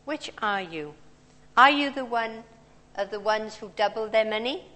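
A woman's voice: a little high, measured pace, pushed and bright. A woman, preaching a sermon in a conversational, storytelling way. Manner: conversational, storytelling with personal anecdotes. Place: large church hall. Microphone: handheld or stand mic. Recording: long church reverb.

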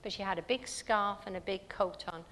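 A woman's voice: medium pitch, moderate pace, a bit bright, big-room sound. A woman preaching a sermon in a church, telling stories earnestly and asking her listeners rhetorical questions.

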